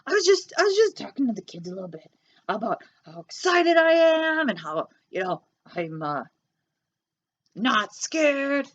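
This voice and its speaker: Woman doing shy young boy, stammering, high voice, big swoops in pitch. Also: very animated, normal speed, muffled recording. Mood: bashful. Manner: stammering, gushing, wide pitch swings.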